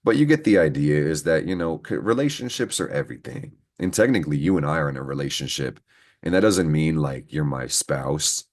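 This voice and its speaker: This man's voice is extremely low, animated, and fairly quick. He's an astrology reader doing a casual horoscope to camera, full of profanity, rambling and heated venting aimed at his viewers.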